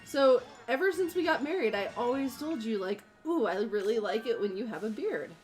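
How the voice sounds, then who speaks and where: A woman's voice: fairly high pitch, lively intonation, brisk. A woman co-hosting a casual gameplay stream, teasing her co-host and talking to herself as she plays. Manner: teasing, laughing, talks to herself while playing. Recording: game music behind the voice. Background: game music.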